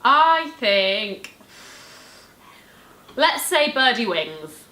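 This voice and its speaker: A woman's voice: fairly high pitch, very animated, very slow, sharp tone. A woman from England with a Hertfordshire accent, a guest in a casual chat, bubbly and laughing often. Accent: Hertfordshire English. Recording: echoey room, faint clicks.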